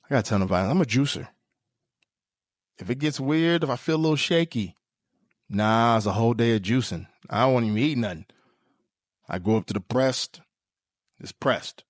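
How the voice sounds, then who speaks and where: A man hosting a podcast, joking through a comedic monologue with sudden leaps into high squeaky tones. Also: expressive, a little fast, pauses often, no echo, clean studio sound. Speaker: podcast host.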